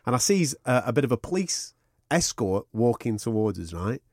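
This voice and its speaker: A man's voice: mid-range voice, very animated, normal speed, no echo, studio quality. A man co-hosting a podcast, telling a long anecdote in casual, sweary banter. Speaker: podcast co-host.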